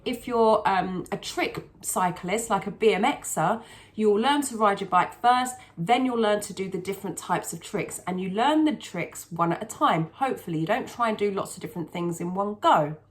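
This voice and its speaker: A woman's voice: medium pitch, normal speed. A woman vocal coach explaining singing technique in a chatty, patient way, often restarting her sentences.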